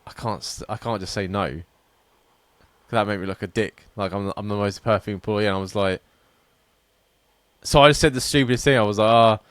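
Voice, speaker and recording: A man's voice: on the low side, fairly quick, long pauses, a bit bright, no echo. A man, a podcast co-host, telling rambling, self-deprecating stories in casual chat.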